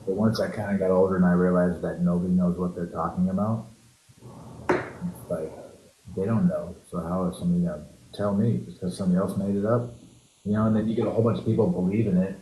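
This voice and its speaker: A man's voice: sits low, fairly even intonation, fast talker, mellow. A man being interviewed in a casual chat, giving short, laid-back answers with sighs and fillers. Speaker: interview guest. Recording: echoey room, faint background noise.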